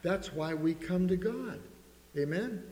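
A man preaching from the pulpit, his voice sitting a bit high, with frequent calls for amen. A long hall reverb rings after every phrase, as in a large church sanctuary. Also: lively intonation, slow pace, a little mellow. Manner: calls for amens and quotes scripture in old King James wording. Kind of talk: sermon.

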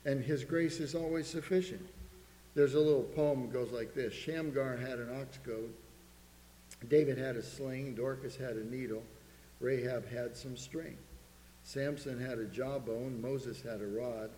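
A man's voice: mid-range voice, fairly even intonation, unhurried, warm tone. A man preaching a sermon, earnestly reading scripture aloud to a congregation in a church. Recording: echoey hall with faint hum.

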